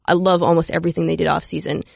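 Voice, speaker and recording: Man podcast host, gravelly, dry sound, jokey, laughs a lot. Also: on the high side, flat delivery, dry recording. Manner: joking, laughs often, quick asides. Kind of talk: casual sports podcast chat.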